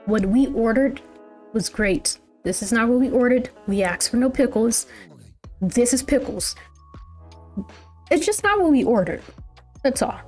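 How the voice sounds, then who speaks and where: A woman hosts a casual music reaction, rambling from thought to thought with plenty of fillers and self-corrections. Her voice sits in an ordinary middle pitch. Faint music hums in the background. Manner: rambling, chatty, full of "like" and restarts. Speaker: music reaction channel host.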